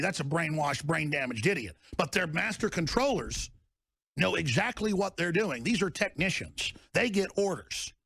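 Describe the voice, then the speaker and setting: A man delivering an angry ranting monologue as a political commentator, swinging between low growled lines and fiery bellowed shouts. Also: gravelly, no echo.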